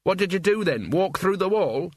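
A man's voice: high-pitched, animated, moderate pace, a little mellow, dry recording, clean studio sound, voice pushed up. A man voicing a kindly, absent-minded young male wizard with a mild way of talking. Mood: musing.

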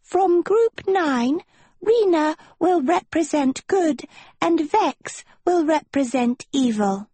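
A woman voicing a tiny female lily nymph who makes a slow, formal announcement in a very high voice. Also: expressive, mellow, no room sound. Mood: announcing. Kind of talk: audiobook character voice.

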